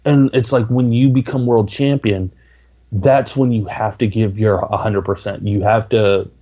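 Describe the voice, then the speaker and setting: A man's voice: fairly low pitch, fairly even intonation, a little slow, dark tone, highs cut off. A man talking as a podcast guest, rambling with lots of filler words. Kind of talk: casual interview talk.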